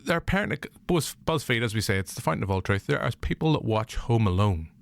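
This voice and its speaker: A man's voice: on the low side, very animated, fast talker, gravelly, no echo. Jokey, rambling Northern Irish man. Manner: jokey, rambling storyteller who laughs often. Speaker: podcast host. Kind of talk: casual chat.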